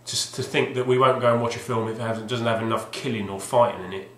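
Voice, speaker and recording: Man, casual vlog ramble, hesitant and wry, mid-pitched, roomy echo, faint background hiss. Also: steady tone, quick pace. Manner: hesitant, restarts often, wry. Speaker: video game collector vlogger. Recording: roomy echoey home recording.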